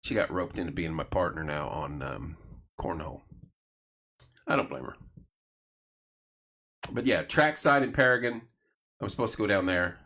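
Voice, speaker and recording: A man's voice: low-pitched, normal speed, pauses often. A middle-aged man hosting a casual late-night chat show, telling stories and acting out the voices of people he quotes. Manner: animated storyteller, acts out quoted voices. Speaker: host.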